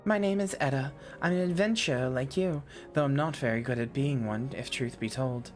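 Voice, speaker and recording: A woman voicing a timid, grieving young female adventurer who speaks softly, formally and a little haltingly. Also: very deep voice, faint music behind. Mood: sorrowful. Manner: soft, halting, formal and polite.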